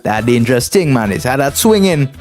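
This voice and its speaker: A man from Trinidad and Tobago with a heavy Trinidadian accent, talking to his chat on a live chess stream. He drawls, jokes and keeps adding "man" to his lines. His voice sits at an ordinary middle pitch, and quiet music plays under it. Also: sing-song, a little fast. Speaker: chess streamer, international master.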